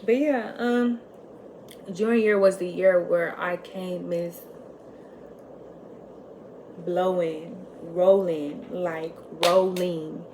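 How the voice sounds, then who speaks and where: A young woman vlogger telling a candid personal story in casual chat, full of "like" fillers and swinging between loud and soft. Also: on the low side, steady tone, drawn-out words, pauses often, a little hiss or hum. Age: young adult.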